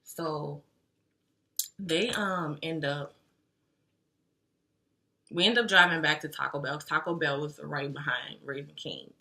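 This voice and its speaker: A woman's voice: deep voice, measured pace, gravelly, pauses often, sharp tone. A young woman telling a story in a casual, slangy, chatty way to her vlog audience. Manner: slangy and chatty, with lots of fillers like "like". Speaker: vlogger.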